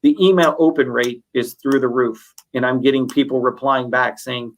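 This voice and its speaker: A man co-hosting a sales webinar, talking through anecdotes in a relaxed, conversational way. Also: medium pitch, moderate pace. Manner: conversational, recounts anecdotes with fillers. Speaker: webinar co-host. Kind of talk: casual webinar chat.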